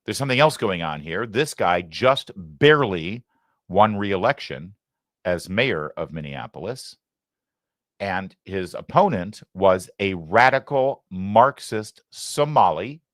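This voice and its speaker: A middle-aged male host delivering political commentary with biting sarcasm and indignation. His pitch swings widely as he presses each point, and the sound is close and dry with no room around it. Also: lively intonation, slow pace, fairly bright tone, no echo.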